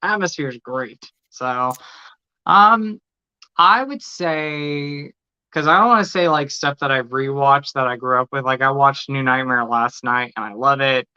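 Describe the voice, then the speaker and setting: A man's voice: medium pitch, sharp tone, clean tone. A man co-hosting a podcast, talking with enthusiasm in a casual chat. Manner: enthusiastic, quick to praise. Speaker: podcast co-host. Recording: slightly dull lo-fi audio.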